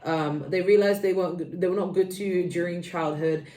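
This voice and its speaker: A woman's voice: fairly low pitch, fairly even intonation, normal speed, mellow. Earnest woman tarot reader in an echoey room. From United Kingdom. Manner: rambling, earnest, many fillers and restarts. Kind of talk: tarot card reading to viewers. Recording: echoey room, voice a little far from the mic.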